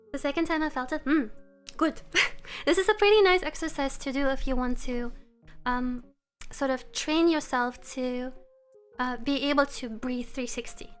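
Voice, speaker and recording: High-voiced woman chatting on a livestream. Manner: chatty and relaxed, laughs often, talks to her chat. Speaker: live streamer. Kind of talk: casual live-stream chat. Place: room at home.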